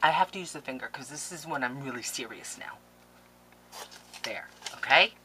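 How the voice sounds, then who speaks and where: A woman vlogger opening mail on camera in a casual, gushing, excitable way, with quick laughs and whispered asides. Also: a bass voice, rough recording. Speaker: scrapbooking vlogger.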